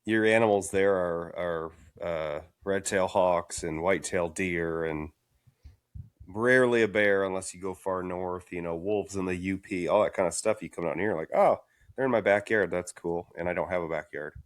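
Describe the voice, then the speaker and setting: Deep-voiced wry podcast co-host. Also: male voice, moderate pace, dry recording, clean studio sound. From Michigan. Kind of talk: casual chat.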